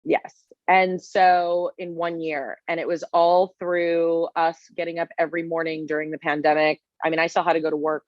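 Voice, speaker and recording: Low-voiced and in her forties, the guest chef spins animated stories loaded with fillers during a casual interview. There's no room sound, but the audio comes across dull.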